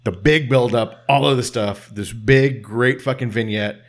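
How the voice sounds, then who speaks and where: A man co-hosting a casual chat, talking quickly and swearing, with loud animated bursts. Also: medium pitch. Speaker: podcast co-host. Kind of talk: casual chat about wrestling.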